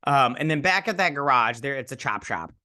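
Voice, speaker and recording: A man's voice: mid-range voice, animated, a little fast, sharp tone. A young man from Michigan casually recapping a TV episode, rambling and acting out characters' lines as he goes. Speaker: host.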